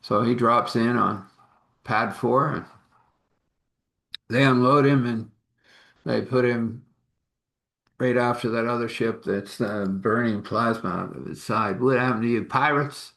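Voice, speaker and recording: Gravelly man spinning a rambling tale. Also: mid-range voice, steady tone, slow, pauses often, fairly bright tone. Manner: rambling, chuckling often, slipping into character voices. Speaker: storyteller. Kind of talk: improvised sci-fi storytelling.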